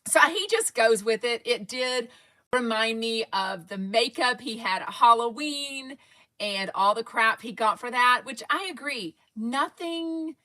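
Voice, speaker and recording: A fan podcast host from Texas runs a casual livestream, rambling and chatting as she reads viewers' comments out loud. She speaks with a Texan accent in a fairly high, sharp voice at a measured pace.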